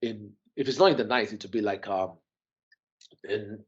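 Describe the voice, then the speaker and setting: A man telling a story in casual chat, animated and full of restarts, his voice jumping up when he is shocked. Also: lowish voice, moderate pace, highs cut off. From Nigeria and the UK. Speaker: podcast guest.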